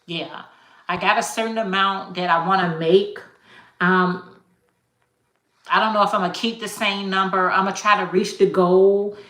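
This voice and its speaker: A woman's voice: medium pitch, moderate pace, long pauses, roomy sound. Chatty woman on a live stream. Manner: chatty and animated, laughing often, greets viewers by name. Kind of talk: casual live chat.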